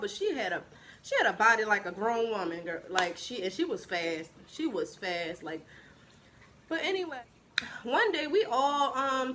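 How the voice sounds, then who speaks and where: Bright high-voiced young woman telling a story. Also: slight background noise. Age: 20s. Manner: chatty, animated retelling with acted-out quotes. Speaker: vlogger. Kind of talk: casual storytime vlog.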